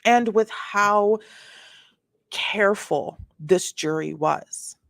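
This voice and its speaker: A woman's voice: mid-range voice, extremely slow, gravelly, fairly bright tone, no echo, studio quality. A woman commentating casually on a court case, reading filings aloud and reacting with chatty asides and frequent restarts. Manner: reads documents aloud, then reacts with sass.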